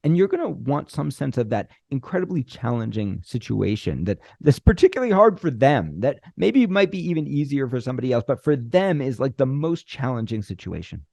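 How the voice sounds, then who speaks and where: A middle-aged man teaching screenwriting, talking animatedly, with deliberate pauses and acted-out bits of dialogue. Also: mid-range voice, very animated, creaky, a little mellow, no room sound. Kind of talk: instructional talk.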